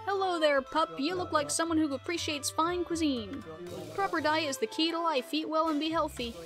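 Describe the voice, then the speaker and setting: A woman's voice: high-pitched, normal speed, music in the background, voice pushed up, lightly acted. Woman doing a Southern-drawling cat chef. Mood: boastful. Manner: grandiose, folksy, dramatic. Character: proud older male cat-like chef. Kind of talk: reading game dialogue aloud.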